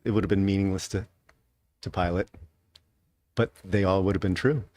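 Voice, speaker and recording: In a church classroom, a man leads an adult Sunday school class conversationally, often checking in with listeners through rhetorical questions. His voice is low, steady and slightly mellow, at a normal speed.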